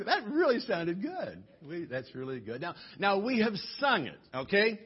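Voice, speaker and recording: A man's voice: high voice, sing-song, a little slow, few pauses, husky, lo-fi sound. A male pastor giving a sermon in a church, coaxing the congregation into singing with a chatty, joking manner. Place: church sanctuary.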